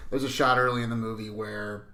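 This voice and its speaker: A man on a film podcast, talking casually and haltingly, with many fillers. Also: lowish voice, little pitch movement, sharp tone, echoey room. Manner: hesitant, filler-heavy. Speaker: podcast co-host.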